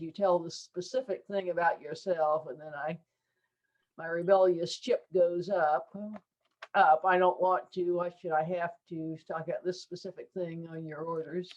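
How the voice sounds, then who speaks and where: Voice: medium pitch, fairly even intonation, measured pace, muffled recording. A writing group member talking casually and with self-deprecating humor about disliking prompts. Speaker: workshop participant. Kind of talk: casual chat.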